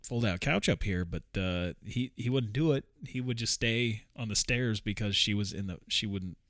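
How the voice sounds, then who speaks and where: A man with a low voice chats casually, rambling and swearing freely, often breaking into chuckles. The sound is dry and close, with no room echo. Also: moderate pace, fairly bright tone. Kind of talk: casual vlog chat.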